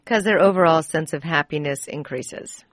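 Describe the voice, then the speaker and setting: Low-voiced woman hosting an interview. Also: normal speed, dry recording, studio quality. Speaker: interview host.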